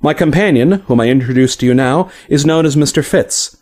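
A man voicing a weary, courteous knight who speaks formally and with measured politeness, in a fantasy audiobook. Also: medium pitch, darkish tone, lightly acted.

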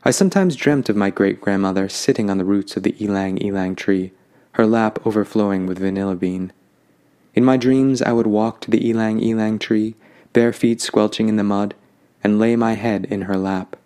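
A man narrating a fantasy story in a calm, lyrical way. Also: lowish voice, moderate pace.

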